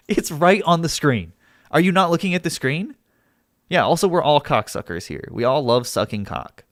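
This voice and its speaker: A man's voice: on the high side, expressive, normal speed, no echo, studio quality. A male livestreamer arguing with his chat, heated and exasperated, swearing as he reads out and answers comments. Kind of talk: live stream chat argument.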